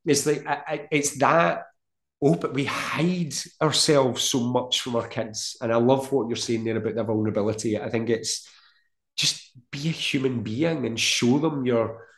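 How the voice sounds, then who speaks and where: A man's voice: medium pitch, fairly even intonation, normal speed, a bit bright. Middle-aged man, echoey room. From Scotland. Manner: earnest, storytelling, uses everyday comparisons. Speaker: guest, mental health practitioner. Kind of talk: casual podcast conversation.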